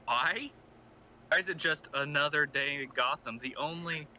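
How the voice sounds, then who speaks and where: Guy reading as robin, sulky defiant young vigilante, super bright sharp voice. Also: moderate pace, a little hiss or hum. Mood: angry. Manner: sullen, low-voiced, bursts into angry shouting. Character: young male vigilante sidekick, brooding and defiant. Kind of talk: live read of a fan audio drama.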